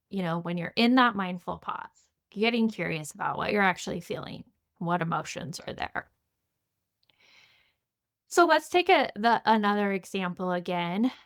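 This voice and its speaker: Woman, mindfulness teacher, recorded class, conversational, questioning. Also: mid-range voice. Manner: conversational, asks many guiding questions, frequent "you know" and "right".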